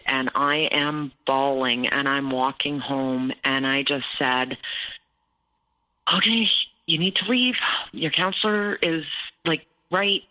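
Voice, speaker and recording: A woman's voice: low voice, sharp tone, muffled recording. A woman recounting a painful personal story in an interview, tense and detailed, often quoting what was said. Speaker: abuse survivor guest.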